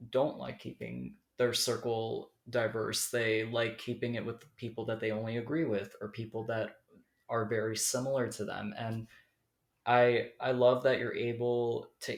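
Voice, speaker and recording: A man hosting a podcast interview, affirming his guest in a measured way. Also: lowish voice. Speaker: podcast host. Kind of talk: casual interview chat. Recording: roomy echo.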